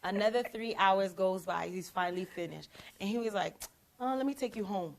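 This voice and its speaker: A young woman hosting a faith talk show, telling a story from her own life. She acts out what each person said with animated emphasis, and her voice sits at a middle pitch. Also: brisk, gravelly, slight background noise. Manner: animated, acts out quoted lines. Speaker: prophetess and show host. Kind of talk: storytelling in casual chat.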